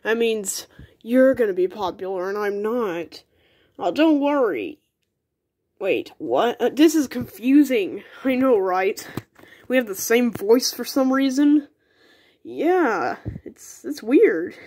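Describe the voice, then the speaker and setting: A woman's voice: medium pitch, very animated, a little slow, darkish tone. Goofy woman voicing a homemade cartoon. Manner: playful, goofy, talks with many restarts. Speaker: toy cartoon creator voicing all the figures.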